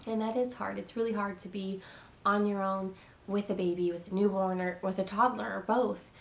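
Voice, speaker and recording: A woman's voice: mid-range voice, steady tone, normal speed, vocal fry. Earnest young woman giving advice. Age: young adult. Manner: earnest, repetitive, reassuring. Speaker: vlogger giving advice to teen parents. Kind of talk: casual advice vlog.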